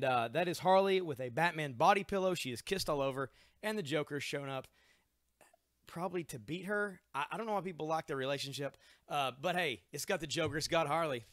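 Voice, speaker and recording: A man's voice: on the high side, fairly bright tone, no echo, studio quality. Chatty man hosting a comic sale. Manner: chatty, joking, reels off comic details and prices. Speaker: comic shop host running a live sale. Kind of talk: live-stream sales pitch. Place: comic book store.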